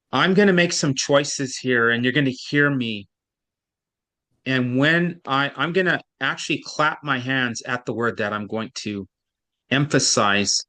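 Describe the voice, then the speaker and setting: A man's voice: mid-range voice, slow pace, long pauses, pushed and bright. A man tutoring a student in reading, explaining patiently and at length, with frequent restarts. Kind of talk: one-on-one online tutoring.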